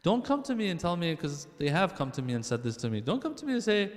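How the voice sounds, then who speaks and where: A man giving a conversational sermon to a congregation in a lively, joking way, speaking straight to his listeners. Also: fairly high pitch, fast talker. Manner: lively, joking, addresses the crowd directly. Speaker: religious speaker. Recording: long hall reverb.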